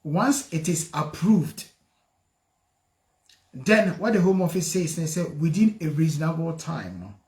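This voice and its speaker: A man's voice: fairly high pitch, a little slow, long pauses, echoey room. A man hosting a call-in legal advice radio show, mixing Twi and English. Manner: lively, laughs easily, switches between Twi and English.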